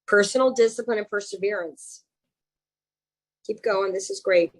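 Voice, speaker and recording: A woman with a Southern accent coaches a webinar audience over a video call. Her voice has a husky grain, and she keeps her delivery chatty and animated. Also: mid-range voice, normal speed, rough recording. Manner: chatty and animated, with self-mocking asides. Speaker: executive coach. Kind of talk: webinar presentation.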